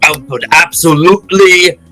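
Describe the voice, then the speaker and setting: A man playing a tabletop game in character, excitable and laughing often. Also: a little high, moderate pace, faint music behind, poor audio. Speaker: player. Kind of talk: casual in-character role-play.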